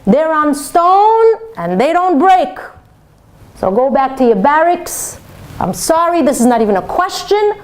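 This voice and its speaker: A woman voicing an angry, stern army general who shouts and gives orders. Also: high voice, very animated, unhurried, voice pushed up, poor audio. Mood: lecturing. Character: furious army general, older man.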